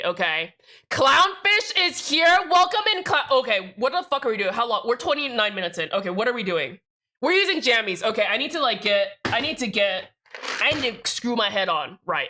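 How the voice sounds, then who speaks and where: Sassy, bright-voiced young woman streamer. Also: fairly high pitch. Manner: sassy, profane, joking with chat. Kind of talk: casual live-stream chat.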